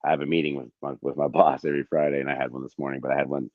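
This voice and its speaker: A man speaking as a guest on a casual podcast, telling candid, profane stories in an animated way. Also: a bass voice, very fast, dry recording, phone-quality sound.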